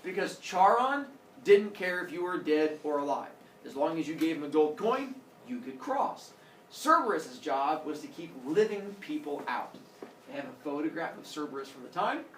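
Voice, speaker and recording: A male teacher telling a story to his class in an animated way, acting out characters with sound effects. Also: on the high side, moderate pace, a little hiss or hum. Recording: echoey classroom from far off.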